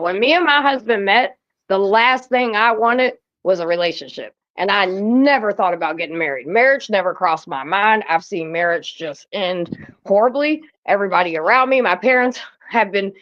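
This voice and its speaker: A woman's voice: mid-range voice, fairly bright tone, highs cut off. A woman on a podcast panel, telling stories in a blunt, profane, casual way.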